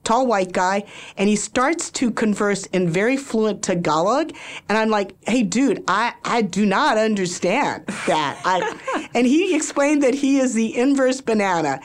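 A woman's voice: medium pitch, lively intonation, unhurried. Older woman hosting a chatty radio show. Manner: chatty, laughs often, tells anecdotes. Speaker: radio talk show host. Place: radio studio. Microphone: studio microphone.

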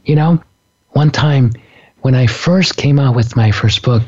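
Guy chatting about being yourself, kinda raspy, laughs a lot, muffled lo-fi audio. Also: mid-range voice, measured pace. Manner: storytelling, animated, laughs often. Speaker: author and speaker. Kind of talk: casual spiritual talk.

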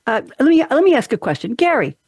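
A woman's voice: sits high, sing-song, fast, darkish tone, husky, no echo, clean studio sound. A woman radio talk show host telling stories in a casual chat, acting out quoted voices with animation.

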